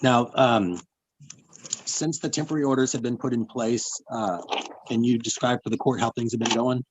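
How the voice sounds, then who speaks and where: Attorney questioning a witness. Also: male voice, mid-range voice, steady tone, slightly rough, poor audio. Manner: measured, with fillers. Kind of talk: courtroom examination. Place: courtroom.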